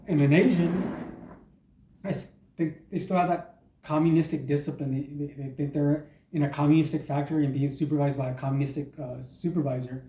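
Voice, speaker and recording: A man in his forties doing a crude stand-up monologue in a deadpan, halting way full of ums and uhs. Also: medium pitch, slight background noise. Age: 40s. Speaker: comedian. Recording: echoey room.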